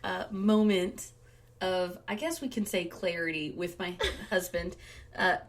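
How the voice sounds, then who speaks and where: A woman co-hosting a podcast in casual chat, telling stories in an animated way and laughing as she talks. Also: fairly low pitch, unhurried. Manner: animated storyteller, laughs while talking. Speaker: podcast co-host.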